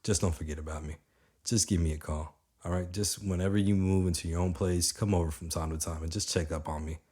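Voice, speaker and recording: A man quoting a soft-spoken mother. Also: sits low, steady tone, fairly quick, slightly rough. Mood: resigned. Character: gentle middle-aged mother letting her son go.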